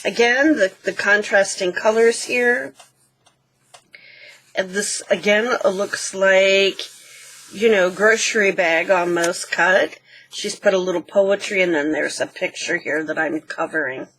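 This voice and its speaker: A woman hosting a craft channel, gently walking through a handmade book page by page and pointing out details. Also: mid-range voice, measured pace. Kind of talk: casual show-and-tell walkthrough.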